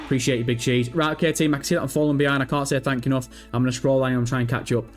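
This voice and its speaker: A man's voice: mid-range voice, fairly even intonation, very fast, soft background music. A man hosting a live stream, casually chatting and reading out viewer messages with self-mocking, sweary banter. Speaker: livestream host.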